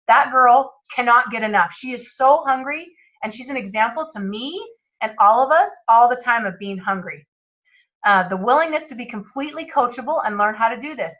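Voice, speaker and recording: A woman hosting a book club, reading passages and cheering them on with motivational enthusiasm. Her voice is bright and forceful, a little high. The recording sounds dull and lo-fi. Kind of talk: reading aloud and commenting on a book.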